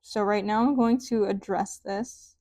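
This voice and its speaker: A woman's voice: medium pitch, steady tone, unhurried, warm tone, dry recording, clean studio sound. A woman giving a casual tarot card reading, chatty and rambling, with sing-song sentence endings. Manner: chatty, rambling, says "like" often. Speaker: tarot reader.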